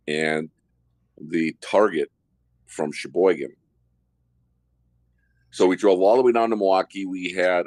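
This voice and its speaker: A former undercover narcotics officer, a man, telling a story in a measured, detailed and casual way. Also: deep voice, dry recording.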